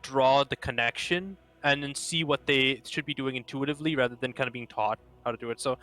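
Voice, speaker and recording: A man's voice: medium pitch, a little fast, bright, forceful tone, soft background music. A young man rambling through casual post-game talk as a co-caster, filling his sentences with "like". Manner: rambling, heavy use of "like".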